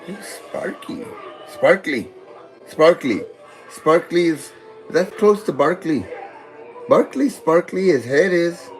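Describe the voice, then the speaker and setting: A man high on weed, rambling goofily in a meandering monologue addressed to God. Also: lively intonation, slow, faint music behind. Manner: goofy, meandering, talks to God. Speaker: vlogger. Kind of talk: rambling stream-of-consciousness monologue.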